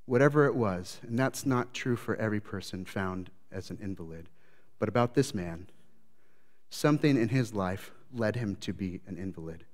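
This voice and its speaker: A man preaching a sermon as pastor, swinging between loud, lively retellings and low, quiet reflection. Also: moderate pace. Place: church sanctuary. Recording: long church reverb.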